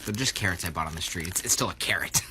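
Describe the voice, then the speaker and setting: A low-sitting male voice with lively intonation moves fast over background noise. The speaker, a young American TikToker in his twenties, narrates a casual vlog from his tiny New York City place, upbeat and self-mocking.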